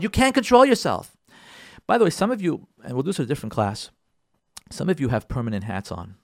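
A rabbi giving a marriage lesson in a fairly high voice, recorded close and dry with no room sound. He drives points home by repeating them and pleads with listeners directly. He swings from loud emphatic bursts to quiet asides. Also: no echo. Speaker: rabbi teaching a marriage class. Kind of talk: marriage advice lecture.

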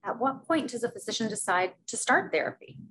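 A woman's voice: on the high side, expressive, a little fast, a bit bright, slight background noise, rough recording. A woman putting questions to a guest, reading them out steadily.

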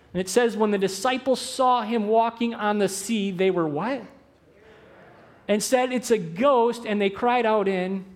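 High-voiced pastor preaching with sweeping dynamics. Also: male voice. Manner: animated, swings from loud emphasis to hushed softness; quick asides mixed with slow, drawn-out phrases. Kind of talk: sermon.

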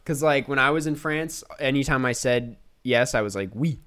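A man's voice: mid-range voice, moderate pace, a bit bright, clean tone. A man co-hosting a podcast, chatting casually, laughing often and using many fillers. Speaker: podcast co-host. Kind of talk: casual chat.

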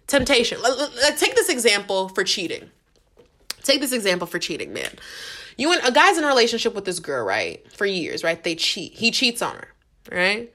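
A woman's voice: medium pitch, bright, forceful tone. Earnest woman podcaster, slangy and direct. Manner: earnest, repetitive, slangy, addresses listeners directly. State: getting emotional. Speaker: podcast host. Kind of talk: casual faith-based podcast monologue.

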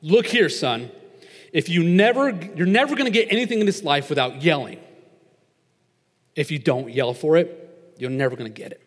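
A gruff, lecturing cartoon father scolds his son as a young preacher puts him on. The voice sits a little high. The long echo of a big hall surrounds it. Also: expressive, moderate pace, long pauses. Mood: stern. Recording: long reverb of a large hall.

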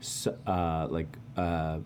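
A man's voice: a bass voice, flat delivery, takes it slowly, a little mellow, a little hiss or hum. A man co-hosting a radio show, teasing the others and telling anecdotes. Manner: storytelling, teasing. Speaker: radio co-host. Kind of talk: casual on-air banter.

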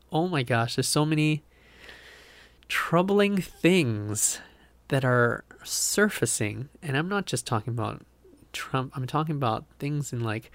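A man's voice: mid-range voice, no echo. A young man, a pastor hosting a podcast, talking through a Bible verse in a casual, earnest, rambling way. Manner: earnest, rambling, self-interrupting with laughs. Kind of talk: casual devotional talk.

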